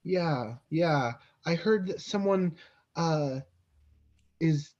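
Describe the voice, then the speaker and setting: A man's voice: a little high, very slow, darkish tone. A man playing a tabletop game who speaks hesitantly and often restarts his sentences. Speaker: player. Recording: dull lo-fi audio.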